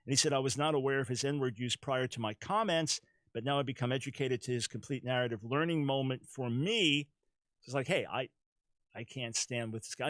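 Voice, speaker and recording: A middle-aged man hosting a talk show, giving animated commentary on current events that rises to emphatic peaks. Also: mid-range voice, dry recording. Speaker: radio talk show host.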